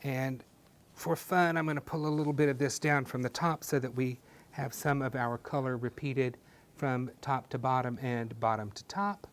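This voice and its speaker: A man guides viewers through a painting demonstration step by step. His delivery is gentle and encouraging, with a mid-range voice and homespun sayings sprinkled in. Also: medium pitch, fairly even intonation, moderate pace. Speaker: painting instructor.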